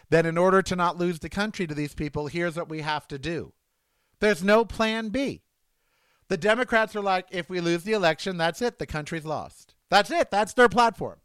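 A man's voice: fairly high pitch, dry recording. A man hosting a comedic rant monologue, sarcastic and mocking as he riffs at length. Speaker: host.

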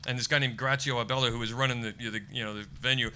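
An American comedian, middle-aged, telling lively anecdotes in a casual chat and acting out other people's lines. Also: male voice, medium pitch, quick pace, clean tone. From United States. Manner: animated storyteller acting out quotes. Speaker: stand-up comedian guest.

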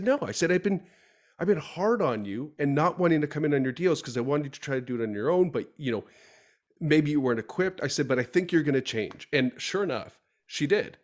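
Chatty storytelling podcast host, man. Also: medium pitch. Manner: chatty storyteller, acts out quoted dialogue. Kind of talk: casual podcast conversation.

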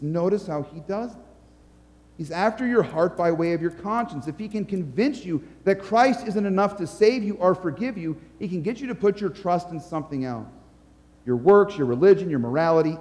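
A man's voice: sits high, a little mellow. Brief: an emphatic male preacher delivering a sermon in a reverberant church. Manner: earnest, emphatic, storytelling. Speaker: pastor.

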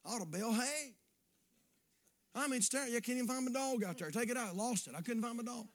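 A man preaching a sermon in a folksy way, dropping to quiet asides and rising to shouts. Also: very high-pitched, racing. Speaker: pastor.

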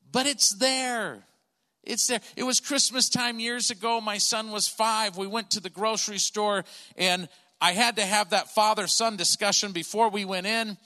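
A man doing stand-up storytelling as a comedian, animated and acting out the people in his stories. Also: high voice. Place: church auditorium. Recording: long reverb of a large hall.

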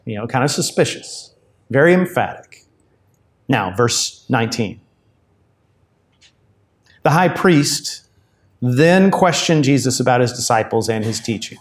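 A man gives a sermon, talking through the passage in a relaxed, conversational way. He keeps adding asides and explanations as he goes. His voice sits at an ordinary middle pitch for a man. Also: unhurried, pauses often. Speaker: pastor.

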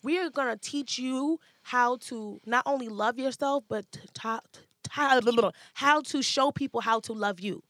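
A woman co-hosting a podcast in a casual chat, animated and playful, sometimes dropping to a hushed aside. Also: fairly high pitch, a little slow, few pauses, no room sound, clean studio sound. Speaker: podcast co-host.

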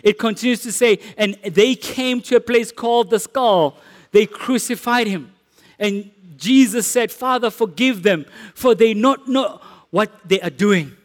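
High-voiced South African preacher in a hall. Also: male voice, a little slow. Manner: earnest, rising to emphatic declarations. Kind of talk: sermon. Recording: echoey hall with long reverb.

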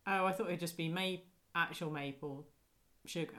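A woman chatting on a podcast in a fairly low voice, giggling and wondering aloud as she talks. Her speech drifts through half-finished questions in a relaxed, casual way. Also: normal speed, a crowd in the background. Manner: giggly, asks musing questions, trails off. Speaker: podcast co-host. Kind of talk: casual chat recapping a sitcom episode.

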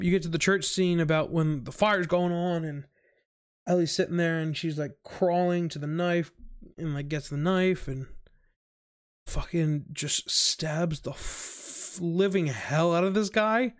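A young man in a casual, rambling recap of a video game, excited, swearing and saying "like" constantly. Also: fairly high pitch, measured pace. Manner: excited, rambling, heavy use of "like", swears often.

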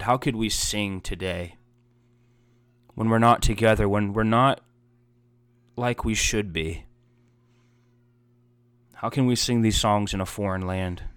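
A man's voice: lowish voice, steady tone, measured pace, long pauses, a bit bright, smooth, no echo. A man preaching a heartfelt sermon as a pastor, earnest and emotional, building emphasis through repeated phrases.

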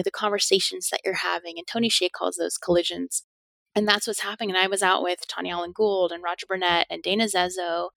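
A woman's voice: medium pitch, creaky, bright, forceful tone, no room sound. A middle-aged woman, a podcast guest, telling stories in a casual interview, laughing often and acting out the speech she quotes.

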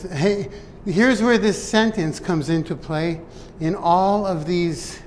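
A man's voice: high-pitched, slow, darkish tone. A man giving an earnest, emotional motivational talk to his viewers, often speaking to himself as if to a friend. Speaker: vlogger. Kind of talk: personal motivational talk to camera. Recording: long reverb and faint ambient noise.

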